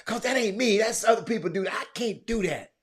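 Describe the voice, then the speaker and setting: Stammering man, pitch swings wildly. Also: animated, fairly quick, slightly rough. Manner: repetitive, stammering, talks straight to viewers; swings from quiet muttering to loud shouting. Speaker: livestream host. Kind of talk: casual livestream chat.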